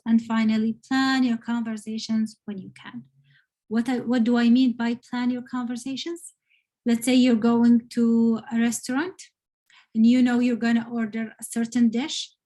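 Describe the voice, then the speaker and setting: A woman's voice: on the high side, a little mellow. A woman with an Arabic accent teaching an online English lesson, explaining patiently and often checking in with "okay?". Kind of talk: online lecture.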